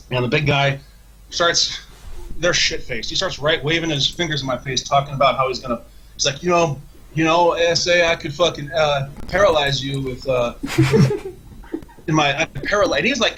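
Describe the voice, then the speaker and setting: A man's voice: fairly high pitch, pushed and bright, slight background noise, low-quality recording. Man telling a profane, rambling story. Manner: profane, rambling, with many restarts. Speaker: podcast guest. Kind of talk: casual storytelling.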